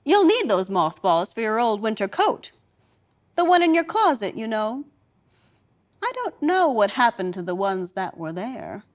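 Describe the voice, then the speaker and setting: A woman's voice: fairly high pitch, very animated, measured pace. A woman voicing a knowing, unflappable mother who speaks in a casual, matter-of-fact way. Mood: calm command. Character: knowing, unflappable middle-aged mother, dryly in control.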